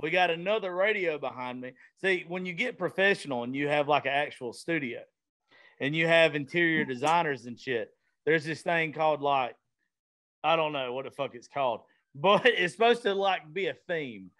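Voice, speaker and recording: A Southern-accented man hosting a casual podcast from his studio. He talks in a slightly higher register than most men. His speech is blunt, rambling and full of swearing. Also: moderate pace, fairly bright tone. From Southern United States. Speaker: podcast host. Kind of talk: casual chat. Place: vintage-themed studio.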